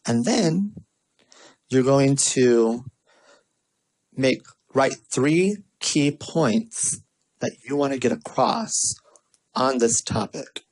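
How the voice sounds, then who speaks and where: A vlogger telling a story in a sassy, animated way and then giving casual marketing tips. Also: low-quality recording. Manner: acts out quoted voices with big pitch swings. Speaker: vlogger and small business owner.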